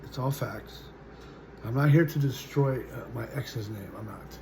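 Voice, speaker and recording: A man in his forties telling his own story as a vlogger, halting and full of fillers, his sentences often trailing off quietly. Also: mid-range voice, creaky, background noise. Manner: halting, full of "uh" and "you know", trailing off softly. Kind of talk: personal storytelling to camera.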